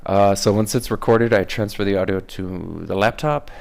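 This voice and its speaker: A man's voice: on the low side, moderate pace, vocal fry, a little mellow. A man talking casually about how he makes his voice videos, hesitant with many fillers. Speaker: voice-impression creator. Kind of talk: casual behind-the-scenes commentary.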